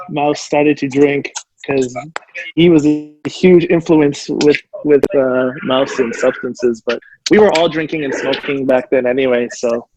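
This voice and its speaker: A man reminiscing in casual chat on a video call, slow and thoughtful, trailing off at the ends. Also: a little high, darkish tone, slight background noise, poor audio. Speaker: b-boy crew member.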